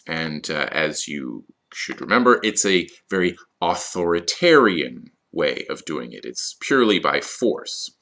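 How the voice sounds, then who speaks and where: Low-voiced guy explaining vocab slowly for esl learners, goes over words again. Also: sing-song, pushed and bright. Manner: slow, explanatory, repeats key words. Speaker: ESL teacher. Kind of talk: vocabulary lesson.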